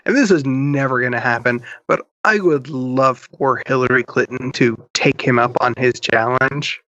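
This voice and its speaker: A man co-hosting a podcast in casual chat, halting and often backchanneling. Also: medium pitch, a bit bright, dry recording, muffled recording. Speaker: podcast co-host.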